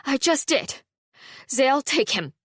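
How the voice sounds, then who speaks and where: Woman voicing indignant young housekeeper, high-pitched, frantic, loud and bursting, dry recording. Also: big pitch swings, unhurried, no room sound, full character voice. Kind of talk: audiobook character voice.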